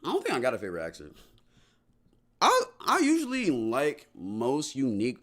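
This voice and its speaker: A man's voice: mid-range voice, wildly swooping pitch, moderate pace, fairly bright tone. A young man chatting casually on a livestream, answering his chat in a loose, slangy, rambling way full of restarts.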